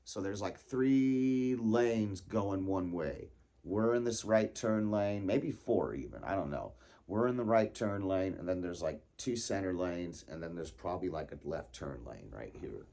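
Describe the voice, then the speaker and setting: A man telling a casual personal story, animated and laughing, acting out his own panicked thoughts. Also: sits low, a little slow.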